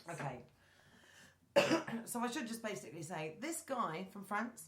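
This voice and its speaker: A woman's voice: medium pitch, very animated, a little slow, a bit bright. A woman hosting a chat show, chatting casually and reading news stories aloud, stumbling over names. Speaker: host. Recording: roomy echoey room.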